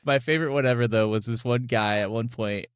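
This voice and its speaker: A man co-hosting a podcast in casual chat, telling stories with animated bursts and laughs. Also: medium pitch, quick pace, clean tone, no room sound, studio quality. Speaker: podcast co-host.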